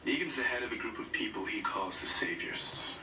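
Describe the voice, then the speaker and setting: An actor playing a grim adult man who calmly explains a threat, speaking measured and matter-of-fact. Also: fairly low pitch, natural voice. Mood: grave. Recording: distant echoey TV audio, noisy.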